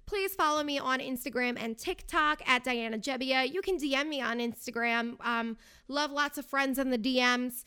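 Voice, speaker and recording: A woman's voice: high voice, moderate pace, pushed and bright, clean tone. A young woman hosting her own podcast, chatting casually in a sarcastic, tongue-in-cheek way. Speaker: podcast host. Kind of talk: casual solo podcast chat.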